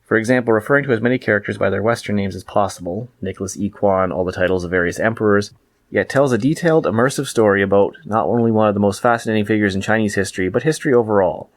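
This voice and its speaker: Low-voiced man reading a book review. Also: quick pace, dry recording.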